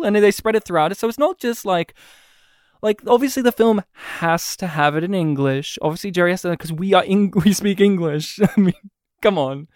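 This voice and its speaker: A man, co-hosting a casual podcast chat and telling stories in an animated way, acting out the people he quotes. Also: sits high, dry recording, studio quality. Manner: animated storyteller, acts out quotes. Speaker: podcast co-host.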